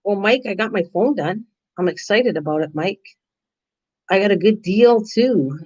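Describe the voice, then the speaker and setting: The older woman running this casual craft stream talks in a medium-pitched, slightly mellow voice with lively intonation at normal speed. Rambling chattily, she answers viewers' comments by name, all in dull lo-fi audio.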